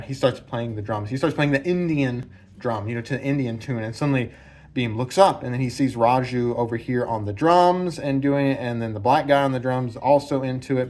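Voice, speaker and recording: A man hosting a casual film analysis, talking enthusiastically and rambling, often repeating himself. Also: mid-range voice. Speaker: video essay host.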